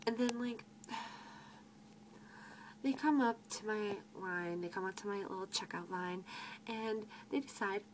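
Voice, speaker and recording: A woman's voice: mid-range voice, measured pace, pauses often, poor audio. Teen girl, cashier vlogger, mid-range voice, sarcastic and fed up, swears a lot; light background hiss. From United States. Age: teens. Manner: exasperated, sarcastic, swears freely, quotes customers in mocking voices. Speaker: grocery cashier. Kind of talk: venting vlog rant.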